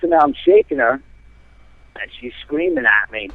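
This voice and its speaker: A man's voice: on the high side, moderate pace, vocal fry, no echo. Jersey man telling a story over the phone. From New Jersey. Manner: animated, rambling with many fillers. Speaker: caller. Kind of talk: casual storytelling. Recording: tinny phone line.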